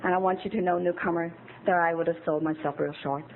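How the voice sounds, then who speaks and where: A woman's voice: lowish voice, steady tone, quick pace, crowd noise. A woman in her fifties giving a candid, emotional recovery talk at a meeting. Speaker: AA speaker. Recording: tinny phone-like old tape with faint hiss.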